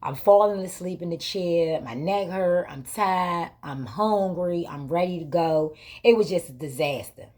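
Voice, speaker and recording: A woman's voice: fairly low pitch, unhurried. A woman hosting her own vlog, telling a story in casual, colloquial speech with emphatic repetition. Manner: emphatic, repetitive retelling with lively quoted exchanges; colloquial, vernacular grammar. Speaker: vlog host.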